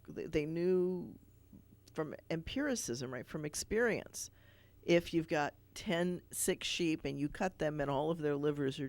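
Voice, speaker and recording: Gravelly-voiced rabbi explaining things. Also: male voice, fairly high pitch, darkish tone. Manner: thoughtful, explanatory, many fillers and restarts. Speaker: rabbi sitting in as TV show host. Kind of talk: casual studio conversation. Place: TV studio.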